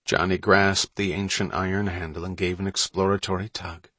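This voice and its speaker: Low husky male storyteller. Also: little pitch movement, normal speed, fairly bright tone, no room sound. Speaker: narrator. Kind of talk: audiobook narration.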